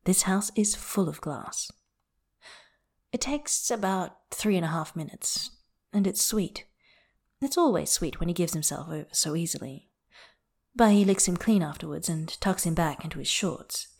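Woman narrator, low-pitched, soft and intimate fiction reader. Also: lively intonation, measured pace, vocal fry, breathy edge. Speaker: audiobook narrator.

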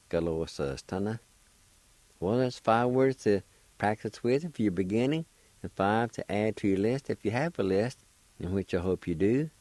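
A male radio host teaches a language lesson, spelling out each word and repeating it slowly and deliberately while gently encouraging beginners. His voice is fairly low, with no room sound and a rough recording.

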